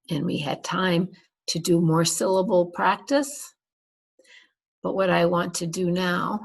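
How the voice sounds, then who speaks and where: Woman, English teacher, very slow speech, husky, careful enunciation for learners. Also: fairly low pitch, low-quality recording. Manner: over-enunciates words for language learners. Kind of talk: slow, deliberate classroom instruction.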